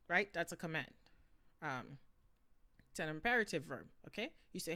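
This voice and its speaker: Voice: mid-range voice, lively intonation, moderate pace, sharp tone. Chatty bilingual language teacher. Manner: explains in switching languages, checks in with "okay?" and "right?". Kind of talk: casual spoken lesson.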